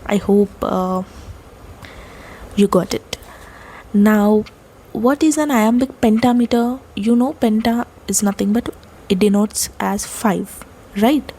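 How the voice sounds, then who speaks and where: A woman giving a lecture, explaining poetic terms step by step, with fillers and pauses. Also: mid-range voice, dark tone, breathy edge, rough recording.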